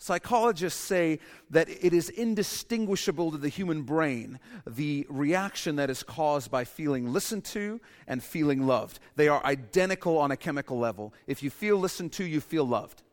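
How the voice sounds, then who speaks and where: A man's voice: fairly high pitch, moderate pace, hardly any pauses. A man preaching in an echoey hall. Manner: animated preaching, acts out quoted voices, repeats key lines. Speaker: pastor. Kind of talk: sermon. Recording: echoey hall with long reverb.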